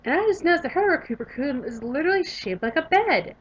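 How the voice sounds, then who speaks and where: A young woman with a Southern US accent reads a visual novel aloud and comments on it, gushing and animated. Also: high voice, quick pace, hardly any pauses, muffled recording. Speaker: gaming YouTuber.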